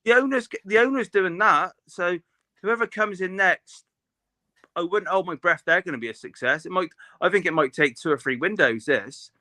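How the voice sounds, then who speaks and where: A man's voice: sits high, moderate pace, sharp tone, no echo. A man, co-hosting a casual football chat, opinionated and rambling with many restarts. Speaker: podcast co-host.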